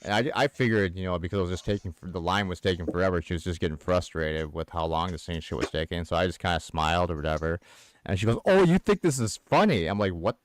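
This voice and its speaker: A man's voice: low voice, steady tone, quick pace, hardly any pauses, smooth. A man streaming from home, chatting casually and laughing between sentences as he tells a story. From United States. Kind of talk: casual storytelling while gaming.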